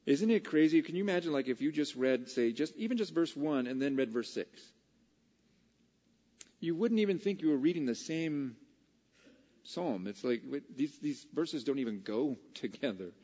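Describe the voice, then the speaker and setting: A man preaching a casual, conversational Bible study sermon that builds to excited, emphatic peaks. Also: fairly high pitch, moderate pace, long reverb tail, dull audio.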